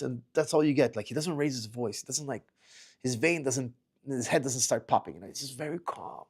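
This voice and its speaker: A man's voice: medium pitch, lively intonation, brisk, gravelly, slightly rough. A middle-aged man, a martial arts coach, chatting casually in a livestream Q&A, reading audience questions aloud and often restarting his sentences.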